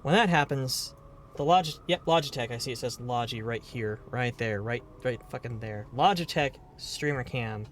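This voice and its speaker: A man's voice: medium pitch, normal speed, a little hiss or hum. A man streaming a game live, chatting casually in a rambling, playful way and swearing now and then.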